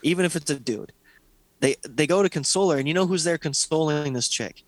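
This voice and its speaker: A man's voice: fairly high pitch, brisk, no room sound. A man co-hosting a casual podcast about a fighting reality show, talking in a sarcastic, profane way and mocking people with impressions. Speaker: podcast co-host.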